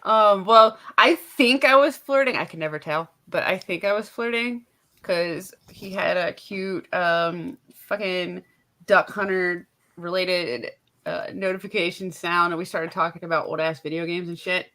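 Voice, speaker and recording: A woman's voice: on the low side, measured pace, pushed and bright. A woman hosting a casual livestream chat, laughing often and swearing freely. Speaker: streamer host.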